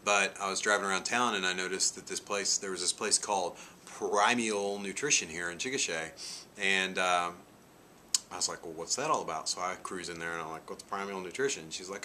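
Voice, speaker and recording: A man in his forties tells a meandering story to his vlog viewers, filling the gaps with "you know" and "like". His voice sits very low but has a bright, forceful edge. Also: brisk, a little hiss or hum. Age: 40s. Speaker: vlogger. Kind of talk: casual chat.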